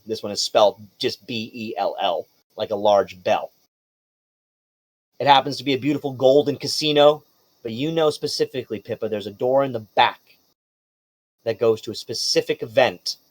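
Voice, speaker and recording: A man narrates a tabletop game as game master, telling the story in a casual, vivid way. His voice sits at a middle pitch and sounds close and dry. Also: no echo.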